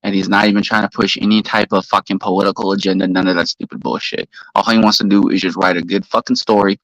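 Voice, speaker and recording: Profane, bright-voiced man ranting on stream. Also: deep voice, little pitch movement, fast talker, dry recording, muffled recording. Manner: profane, heated ranting, shouts out chat viewers. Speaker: live stream host. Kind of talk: casual ranting live stream.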